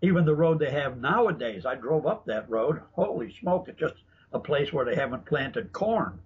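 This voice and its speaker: With lively intonation and a normal pace, a mid-range male voice belongs to a guest author and researcher sharing stories in a casual interview. He is chatty and anecdotal and keeps restarting. Faint noise sits in the dull, lo-fi broadcast recording.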